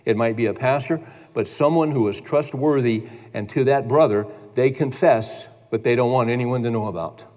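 A man's voice: medium pitch, normal speed, darkish tone. Earnest male preacher in a reverberant hall. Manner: earnest, emphatic preaching that builds in intensity. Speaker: pastor. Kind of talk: sermon.

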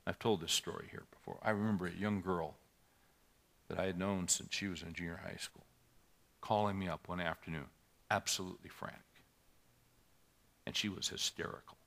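A middle-aged man preaching a sermon as pastor, shifting between loud scripture reading and quiet storytelling. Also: sits low, fairly even intonation, moderate pace, vocal fry, long pauses.

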